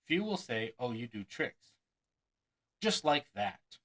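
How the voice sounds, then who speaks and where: A man's voice: medium pitch, big pitch swings, takes it slowly, sharp tone, rough recording. A man and magician reading a magic book aloud, chuckling and breaking off to add his own asides between passages. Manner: acts out quoted lines with mock enthusiasm.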